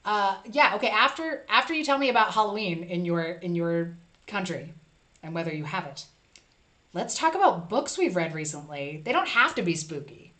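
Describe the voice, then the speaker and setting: A woman chatting her way through a live stream, reading comments aloud as they come in. Her talk is loose and playful, full of quick asides and friendly back-and-forth with viewers. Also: fairly low pitch, expressive, sharp tone. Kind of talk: casual live stream chat.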